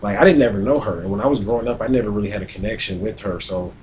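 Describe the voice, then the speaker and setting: Male astrologer, low voice, easygoing and rambling delivery with frequent fillers. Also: racing, a little mellow, slight background noise, low-quality recording. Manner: rambling, conversational, many fillers and restarts. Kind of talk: casual spoken talk on astrology.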